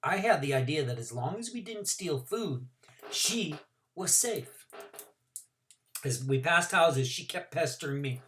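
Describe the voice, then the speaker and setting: A male teacher reads a novel aloud to his class, narrating in the first person with plenty of expression. His pitch rises and falls a lot, and his pace shifts with the story. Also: lively intonation, moderate pace, few pauses, fairly bright tone.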